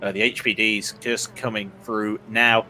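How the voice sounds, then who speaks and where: A man's voice: fairly low pitch, level tone, a little slow, pushed and bright, a little hiss or hum. A man with a West Country accent doing chatty, jokey co-commentary on a sim race, rambling and restarting often. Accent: West Country English. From England.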